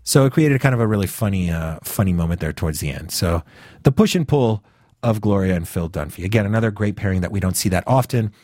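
A man's voice: low voice, expressive, quick pace, a little mellow, dry recording, clean studio sound. A man from the northeastern United States hosting a podcast, talking casually and rambling with lots of fillers and restarts. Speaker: podcast host.

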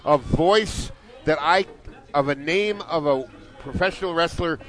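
A man's voice: on the high side, unhurried, fairly bright tone. A man co-hosting a wrestling talk show, chatting casually and telling rambling, playful stories. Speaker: wrestling podcast co-host. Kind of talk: casual chat.

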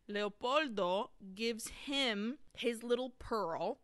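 A woman co-hosting a casual podcast, walking through a film plot with eager, laughing restarts. Her voice is bright and crisp, recorded close and dry. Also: medium pitch, a little slow, hardly any pauses, no room sound. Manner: excited, retelling scenes with laughs and restarts. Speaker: podcast co-host. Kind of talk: casual film recap chat.

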